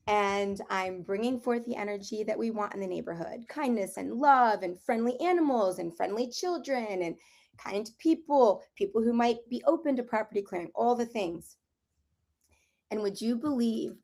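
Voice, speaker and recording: A middle-aged woman with a slightly hoarse voice, telling a story in a casual group conversation and acting out what people said. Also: medium pitch. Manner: animated storyteller, acts out quotes, laughs while telling. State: slightly hoarse, clearing throat. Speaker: property clearing practitioner.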